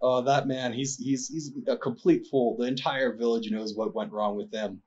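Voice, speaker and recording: A man's voice: mid-range voice, moderate pace, darkish tone, dull audio, slight background noise, voice pushed up, natural voice. A man voicing a drunk, mocking male ninja officer who stammers and sneers.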